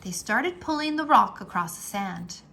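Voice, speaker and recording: A woman reading a children's book aloud in a slow, animated storytelling manner, with a gravelly edge. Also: medium pitch, slight background noise. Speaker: read-aloud narrator.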